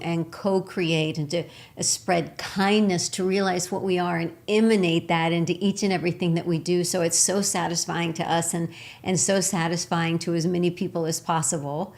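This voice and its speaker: A woman with a slightly low voice co-hosts a spiritual talk show. She is from Texas and tells stories with warm enthusiasm, laughing often between thoughts. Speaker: co-host.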